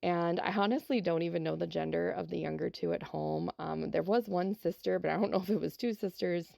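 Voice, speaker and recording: A middle-aged teacher from South Dakota, telling a heartfelt classroom story on a podcast. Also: female voice, on the low side, fairly even intonation, brisk, vocal fry, dark tone, no room sound, studio quality. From South Dakota, USA. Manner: heartfelt and emotional, with many fillers. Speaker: elementary teacher.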